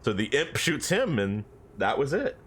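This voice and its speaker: A man's voice: medium pitch, sing-song, moderate pace, a bit bright, husky. A young man telling a story about his dream in a rambling, laughing way, swearing often. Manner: rambling, swears a lot, laughs between lines. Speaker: streamer.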